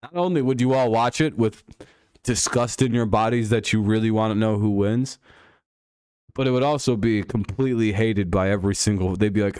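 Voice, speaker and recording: A man's voice: on the low side, moderate pace, a little mellow, smooth, dry recording, clean studio sound. A man hosting a casual live stream, riffing sarcastically and swearing freely. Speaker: podcast host.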